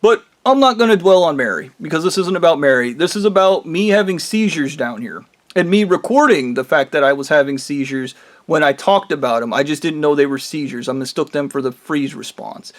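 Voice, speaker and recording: A man's voice: on the high side, expressive, brisk. Angry man ranting with profanity. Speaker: vlogger. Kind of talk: angry monologue to camera.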